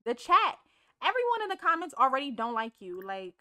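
A young woman doing casual let's play commentary, chatty and animated, scolding the game characters and swearing freely. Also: high voice, a little fast. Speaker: gaming streamer.

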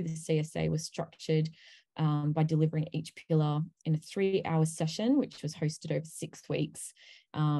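A woman on an online panel, presenting a course pillar by pillar with many ums. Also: low voice. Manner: many ums, steady explaining pace.

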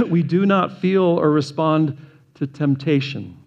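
Earnest pastor preaching a sermon. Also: male voice, takes it slowly, gravelly, lo-fi sound. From United States. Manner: earnest, emphatic preaching with rhetorical questions that builds in pitch. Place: church sanctuary.

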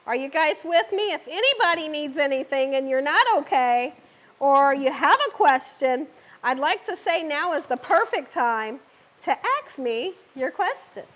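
A woman's voice: high voice, animated, measured pace, a bit bright. A woman hosting a live cooking stream from her home kitchen, chatting with viewers and laughing often. She is getting over an illness. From Southern United States. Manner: chatty, talks to viewers and reads comments. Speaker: cooking show host.

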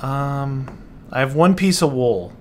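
In casual let's-play commentary, a gaming channel host speaks slowly in a mid-range, darkish voice over slight background noise. He is dismayed and keeps exclaiming and muttering to himself as he plays.

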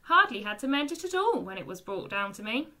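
A woman voicing a gruff, brusque old male Womble who keeps the stores, in a read-aloud storybook. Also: fairly high pitch, sing-song, brisk, sharp tone. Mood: grumbling. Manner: brusque, grumbling.

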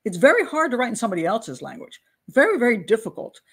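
A woman's voice: on the high side, sing-song, fast talker, slightly rough. A woman hosting a casual commentary show as a criminal profiler. She talks loosely to camera, rambles and teases herself as she searches aloud for her material. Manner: rambling, searching aloud for notes, self-deprecating.

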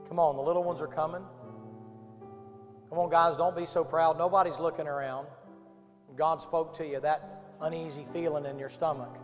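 Impassioned pastor in an echoing hall. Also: male voice, a little high, flat delivery, normal speed. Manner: impassioned preaching, pleading and urging. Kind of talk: camp-meeting sermon and altar call. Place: large revival meeting hall. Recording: echoey hall with piano behind. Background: piano playing softly.

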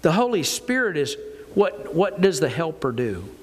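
Older male pastor, folksy sermon delivery, slightly high voice, reverberant church hall. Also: normal speed, breathy edge. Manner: folksy, animated preaching with acted-out asides. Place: church sanctuary.

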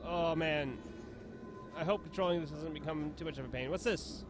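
A man's voice: on the high side, normal speed, music in the background. A playful young man giving casual commentary while playing a video game, often laughing and reading the game's lines aloud in put-on voices. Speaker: let's play host.

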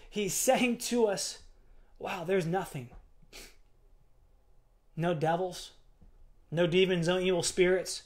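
High-voiced pastor guy preaching, gets big and emphatic, lots of questions to the church. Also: steady tone, takes it slowly, long pauses. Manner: preaching with rising, emphatic build-ups and rhetorical questions. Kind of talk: sermon.

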